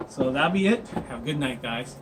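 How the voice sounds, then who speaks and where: A man's voice: a little high, background noise. A man chatting casually as a dungeon master, rambling and laughing with many fillers. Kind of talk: casual chat.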